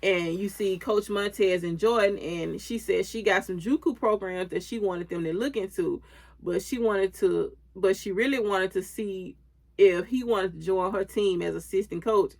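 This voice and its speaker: A woman's voice: medium pitch, normal speed, vocal fry, a little mellow. A woman speaking in gives a loose, chatty recap of a TV episode. She strings the scenes together with "and he said" and "she was like," quoting the characters' lines as she goes. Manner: loose retelling with many "and he said" links and quoted lines. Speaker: recap host.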